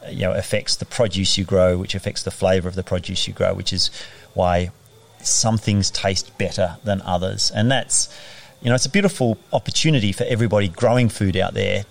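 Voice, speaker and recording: A man's voice: low voice, fairly quick, creaky. A middle-aged man from Australia, a chef turned farmer, speaking reflectively in a conversational interview, with frequent fillers and restarts.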